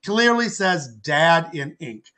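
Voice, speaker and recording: An older man with a high voice tells a long personal story as a podcast guest. His tone is bright and forceful. He rambles, repeats words and acts out what people said. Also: slow pace. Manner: acts out quoted speech with lively voices. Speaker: podcast guest, author and artist.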